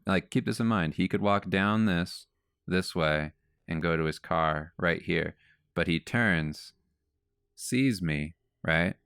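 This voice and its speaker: A man's voice: sits low, a bit bright, clear, resonant tone, no echo, studio quality. A man casually telling a rambling neighborhood story while he draws, with lots of asides. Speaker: comic artist and podcast host.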